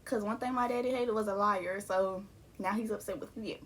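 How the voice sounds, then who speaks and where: A woman's voice: medium pitch, steady tone, moderate pace. A young woman, telling a personal storytime to her viewers in a casual, candid way, laughing now and then. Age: young adult. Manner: casual and candid, laughing through grief, addressing viewers as y'all. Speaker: vlogger. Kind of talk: storytime vlog.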